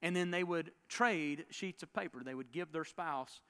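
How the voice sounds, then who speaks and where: A man preaching a sermon as a pastor, telling a story with dramatic swings between loud bursts and hushed lines. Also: on the high side, normal speed, smooth. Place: church sanctuary.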